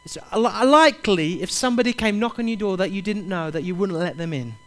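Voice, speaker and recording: A man's voice: high-pitched, lively intonation, fast talker. A man preaching a sermon, urging his listeners directly and repeating his key phrases with passion. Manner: impassioned, repetitive, urges listeners directly.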